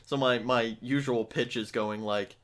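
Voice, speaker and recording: A man in his twenties in casual podcast chat, swearing heavily, laughing often and mimicking people in high voices. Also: fairly even intonation, measured pace, a bit bright. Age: 20s.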